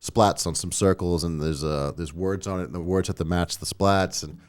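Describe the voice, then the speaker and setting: A man's voice: low voice, steady tone, normal speed. A man with a Long Island accent, a toy designer chatting casually as a podcast guest, rambling with many restarts. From Long Island, New York.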